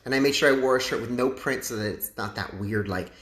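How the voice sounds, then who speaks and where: A man hosting a casual live stream with political commentary, talking in a chatty, animated way full of rambling asides into his phone's front camera. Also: medium pitch, fast, reverberant. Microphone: phone front-facing camera.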